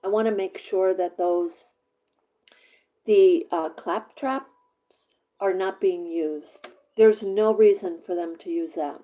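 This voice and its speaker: Slow, halting woman vlogger with a mellow voice. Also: mid-range voice, low-quality recording. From Vermont. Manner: rambling, halting, many fillers. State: voice going hoarse, sucking a cough drop. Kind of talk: casual talk to camera.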